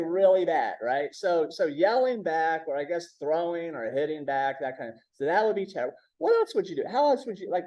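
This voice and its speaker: Man trainer, conversational, slightly high and mellow, checks in with the room often. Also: lo-fi sound. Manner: frequent "right?" checks with the audience. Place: symposium room.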